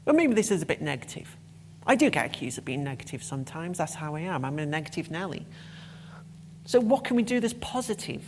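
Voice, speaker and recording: A woman's voice: low voice, sing-song, brisk, darkish tone, slight background noise. A woman giving a conference talk, passionate and emphatic, with blunt swearing when annoyed. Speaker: conference speaker.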